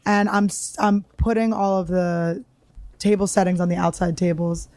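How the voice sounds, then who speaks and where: A woman's voice: on the low side, normal speed, no room sound. A woman comedian telling stories in a casual chat, acting out the people she quotes. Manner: animated storyteller acting out quoted voices. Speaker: comedian guest.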